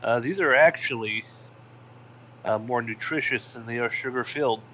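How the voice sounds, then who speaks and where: A man playing his character in a tabletop game, talking casually and haltingly with many restarts. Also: medium pitch, pushed and bright, a little hiss or hum, poor audio. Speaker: player.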